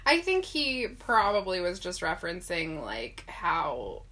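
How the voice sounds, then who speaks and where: Chatty woman co-host, bright tone, easy laugher, slightly sniffly. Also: on the low side, wildly swooping pitch, a little slow. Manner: laughs easily, chatty, recaps at length. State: sniffly after sneezing. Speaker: podcast co-host. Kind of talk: casual chat.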